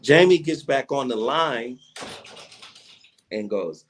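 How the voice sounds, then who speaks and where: Profane, animated storyteller man. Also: mid-range voice, slow pace, a little hiss or hum. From Chattanooga, Tennessee, USA. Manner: animated storyteller who acts out quoted dialogue, with slangy profanity. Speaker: radio personality and podcast guest. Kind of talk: casual storytelling interview.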